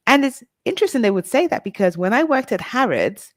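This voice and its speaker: A woman's voice: a little high, big pitch swings, brisk, no echo, clean studio sound. A middle-aged woman from Nigeria, talking candidly and directly to her listeners in a reflective personal monologue. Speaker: vlog host.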